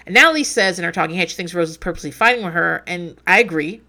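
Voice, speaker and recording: A woman's voice: lowish voice, very fast, bright, forceful tone. A woman in her forties hosting a casual recap podcast, who talks in a digressive, profane way and laughs at herself. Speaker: podcast host recapping a reality show. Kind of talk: casual chat.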